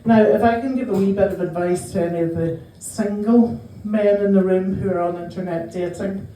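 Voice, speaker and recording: A Northern Irish woman in her fifties performing a stand-up set, telling self-mocking stories with quick dry asides. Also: mid-range voice, fairly even intonation, mellow, a little hiss or hum. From Northern Ireland. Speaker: stand-up comedian. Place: small comedy club. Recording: roomy live venue, mic heard from a distance.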